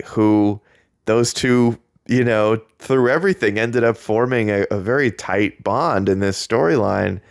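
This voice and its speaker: A man hosting a podcast, excitedly recapping a wrestling segment in a chatty way, with lots of "like" and quick laughs. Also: lowish voice, dry recording, studio quality. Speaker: podcast host.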